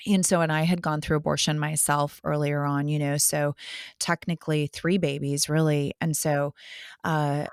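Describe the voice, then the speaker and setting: A woman's voice: sits low, level tone, normal speed, clear, resonant tone, no echo, studio quality. A woman hosting a faith podcast, sharing her own story in a heartfelt, personal way before asking her guest a question. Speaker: podcast host.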